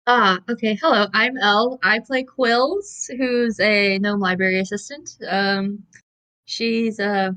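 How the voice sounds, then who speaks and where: A woman's voice: medium pitch, steady tone, slow, sharp tone. A woman chatting casually as a tabletop player, laughing often and tripping over her words. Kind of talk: casual chat.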